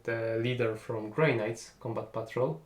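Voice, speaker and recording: A man's voice: mid-range voice, steady tone, measured pace. Agreeable man chatting in an echoey room. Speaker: tabletop game co-commentator. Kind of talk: casual post-game discussion.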